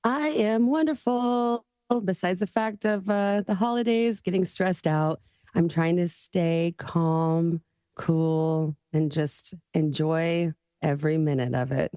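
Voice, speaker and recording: A woman co-hosting a podcast, talking in a slow, calm, giggly way. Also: on the low side, clean tone, no room sound, studio quality. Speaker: podcast co-host. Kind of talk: casual chat.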